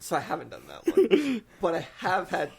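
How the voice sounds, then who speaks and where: High, gravelly, animated man. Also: moderate pace, a crowd in the background. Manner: animated, laughing. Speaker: podcast guest. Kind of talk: casual chat.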